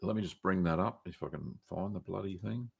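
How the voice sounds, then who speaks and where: A man's voice: low-pitched, brisk, vocal fry, slightly rough. A man hosting a casual live stream, answering viewer questions with many ums and restarts. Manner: rambling, many ums and restarts, reads chat aloud.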